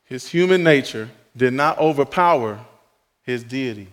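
A male pastor preaching a sermon emphatically, rising on key phrases and dropping to soft, quiet asides. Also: mid-range voice, lively intonation, moderate pace, in a large hall.

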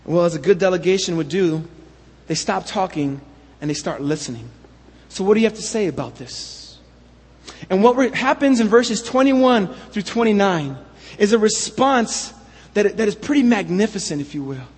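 A man's voice: high voice, animated, normal speed, breathy edge, big-room sound. A man preaching a sermon, reading scripture aloud and then retelling it with passionate paraphrase.

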